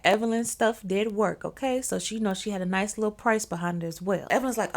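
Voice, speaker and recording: A young woman recounting a story to her viewers in a loose, chatty voice. She breaks off into slangy asides as she goes, and her pitch sits in a steady middle range. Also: fast talker, hardly any pauses. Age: young adult. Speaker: storyteller host. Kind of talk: casual storytelling.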